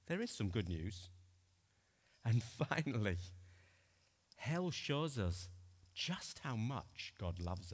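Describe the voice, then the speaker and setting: Earnest male preacher, deliberate and expressive, long church reverb. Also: fairly low pitch. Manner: earnest, dramatic swings between loud and hushed. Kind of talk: sermon.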